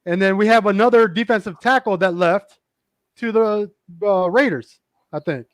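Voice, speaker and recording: A man co-hosting a casual sports chat on a porch, excitable and cursing, repeating himself as he laughs. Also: high voice, moderate pace, dry recording. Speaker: podcast co-host. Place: porch outdoors.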